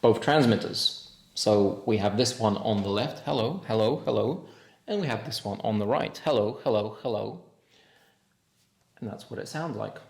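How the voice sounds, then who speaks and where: Low, gravelly man reviewing gear. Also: moderate pace, darkish tone. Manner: enthusiastic, playful demo talk. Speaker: tech reviewer. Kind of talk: product review vlog.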